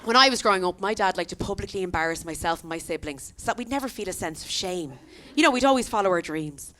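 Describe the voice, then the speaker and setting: A woman's voice: on the low side, fast talker. An Irish woman in her thirties performing a stand-up comedy set, telling stories and acting out the voices of the people in them. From Ireland. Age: 30s. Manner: animated storytelling, acts out quoted voices. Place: comedy venue stage.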